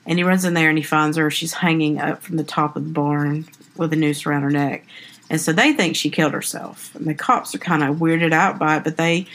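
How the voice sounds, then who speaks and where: A woman's voice: sits low, fairly even intonation, a little fast, a bit bright. A woman hosting a podcast, casually retelling a film's plot in a rambling way that keeps correcting itself. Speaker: podcast host. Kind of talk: casual film recap.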